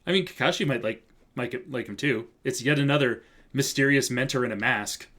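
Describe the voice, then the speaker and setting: A man's voice: mid-range voice, a little fast, a bit bright. A man streaming live, chatting casually through gameplay in a rambling, easygoing way. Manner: casual, rambling, laughs easily.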